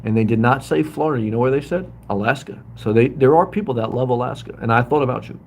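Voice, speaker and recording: A middle-aged man talks loosely and warmly off the cuff, drifting between topics and calling out his viewers by name. His pitch sits in an ordinary middle range. A faint hiss of room noise sits under his voice. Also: fast, gravelly. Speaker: livestream host living in a hotel. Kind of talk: casual livestream chat reading comments. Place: hotel room.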